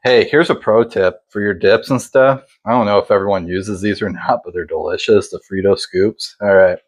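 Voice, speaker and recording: A man's voice: on the low side, fairly even intonation, moderate pace. A man hosting a casual home cooking video, chatting in a laid-back, self-deprecating way while he makes salsa. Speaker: cooking channel host.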